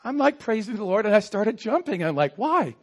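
High-voiced pastor preaching animatedly. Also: male voice, fairly quick. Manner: animated storytelling with quoted asides. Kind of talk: sermon. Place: church.

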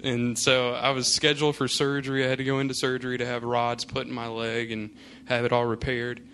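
A man's voice: mid-range voice, monotone, a little fast, fairly bright tone. A male pastor telling a personal story in a casual, rambling way before turning to his sermon. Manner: casual storytelling, many fillers.

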